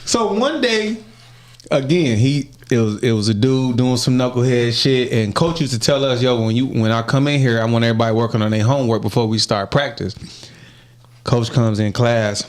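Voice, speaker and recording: A man hosting a podcast, telling a story in casual chat, profane and animated and often laughing. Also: mid-range voice, normal speed. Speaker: podcast host.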